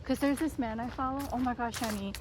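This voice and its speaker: Bubbly woman vlogger in her thirties, higher voice, chatty, noisy phone audio. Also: fast. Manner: bubbly and chatty, gushing exclamations. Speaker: lifestyle vlogger. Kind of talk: casual vlog chat.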